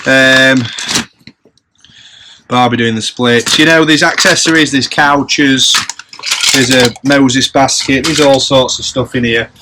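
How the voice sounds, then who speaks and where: A man's voice: medium pitch, steady tone, a little slow, heavy background noise. A man, chatting casually on his vlog and running upbeat tallies of prices and profit. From England. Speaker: reseller vlogger. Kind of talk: casual chat.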